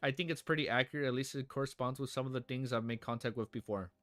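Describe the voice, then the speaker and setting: A man reading the lines of a calm, mysterious female spirit medium in a novel, in his own plain voice. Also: mid-range voice, dry recording, natural voice. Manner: calm, measured.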